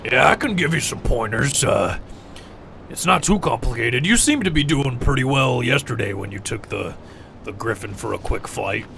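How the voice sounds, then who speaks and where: A man's voice: mid-range voice, animated, moderate pace, vocal fry, sharp tone, a little hiss or hum. Man playing an easygoing griffin handler. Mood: friendly.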